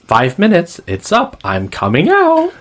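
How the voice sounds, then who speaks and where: Figure: cranky female ship AI robot voiced by a man. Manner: hissing, impatient. Pitch: very high. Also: wildly swooping pitch, unhurried, exaggerated voice.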